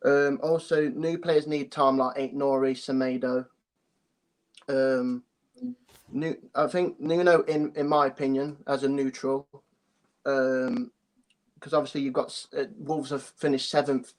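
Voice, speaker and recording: A man's voice: mid-range voice, steady tone, measured pace, long pauses, a little mellow. A young man calling in to a phone-in show, talking hesitantly, apologizing often and restarting his sentences. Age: young adult. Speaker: caller. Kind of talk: phone-in chat.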